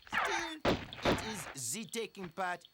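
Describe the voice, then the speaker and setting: Casting: a sneering rival raider, sing-song delivery, slow and drawn out, noisy game sound. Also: male voice, high voice, wildly swooping pitch, full character voice. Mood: mocking. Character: smug French male rival tomb raider.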